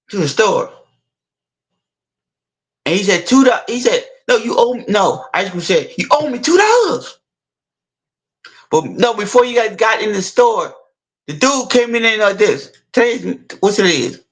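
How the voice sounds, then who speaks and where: A man's voice: high voice, animated, a bit bright, low-quality recording. A man retelling a movie scene in a casual, rambling way, stopping and restarting his sentences often. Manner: rambling, halting, many restarts and repeats. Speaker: storyteller.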